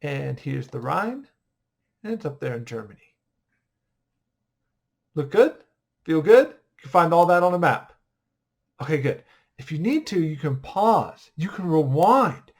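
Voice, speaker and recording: A man's voice: on the high side, big pitch swings, a little slow, gravelly, long pauses. A man teaching an online history class in a casual, upbeat way, joking and quizzing his students as he goes.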